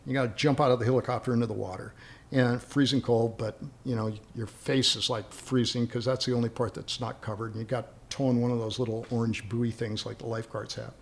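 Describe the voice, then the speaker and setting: A man's voice: mid-range voice, flat delivery, fairly quick, gravelly, slight background noise. A man casually telling a long anecdote in a rambling way, often repeating words as he starts a thought. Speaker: guest storyteller.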